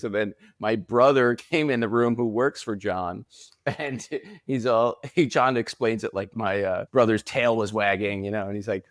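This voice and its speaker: A man's voice: medium pitch, moderate pace, no room sound, clean studio sound. A man who designs prosthetic makeup, chatting casually in an interview and telling stories with acted-out quotes. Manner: animated storyteller, acts out quotes.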